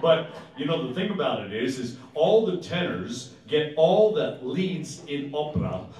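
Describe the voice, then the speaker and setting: A man's voice: on the high side, big pitch swings, a little slow, darkish tone. Jokey male singer chatting from the stage. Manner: jokey, chatty and self-mocking. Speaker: singer and entertainer. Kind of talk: stage banter at a live show. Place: performance hall. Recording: echoey hall, distant mic, live music.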